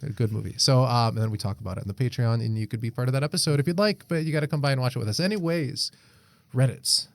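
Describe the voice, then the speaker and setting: A man's voice: mid-range voice, quick pace, vocal fry, no echo. A young man, co-hosting a podcast in casual chat, reading a Reddit post aloud, swearing freely and laughing often. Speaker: podcast co-host.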